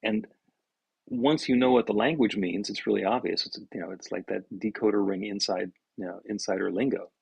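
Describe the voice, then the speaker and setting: A man with a deep gravelly rasp and a husky edge explains prayer in casual podcast talk. He restarts and repeats his words as he goes. His voice is set close and dry with no room sound. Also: brisk, no echo, poor audio. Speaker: minister and podcast co-host.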